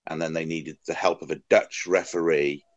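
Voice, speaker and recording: A man's voice: extremely low pitch, flat delivery, normal speed, no echo, dull audio. A Welsh man co-hosting a football podcast, chatting enthusiastically with restarts and digressions. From Wales. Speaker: podcast co-host. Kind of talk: casual chat.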